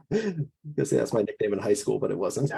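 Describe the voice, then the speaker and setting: Man reading a story in a mellow voice. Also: lowish voice, very animated, measured pace, gravelly, breathy edge. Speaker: guest author. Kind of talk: reading his own fiction aloud.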